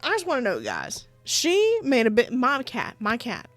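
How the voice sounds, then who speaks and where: A woman's voice: a little high, huge pitch swings, normal speed, dry recording, soft background music. A woman playing a visual novel, reading its narration aloud in a chatty, giggly way with casual asides. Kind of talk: reading game narration with live commentary.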